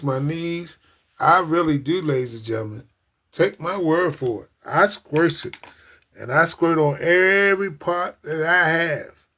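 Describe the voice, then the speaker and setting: An earnest man with a slightly high voice speaks directly to his livestream viewers in a loose, casual way. He gets emotional, repeats his points over and over, and keeps calling his audience ladies and gentlemen. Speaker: livestream host.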